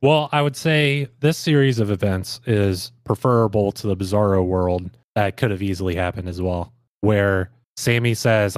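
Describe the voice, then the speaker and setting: A man's voice: fairly low pitch, normal speed, few pauses, no room sound, clean studio sound. A man co-hosting a podcast, casually explaining plot points. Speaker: podcast co-host. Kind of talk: casual chat.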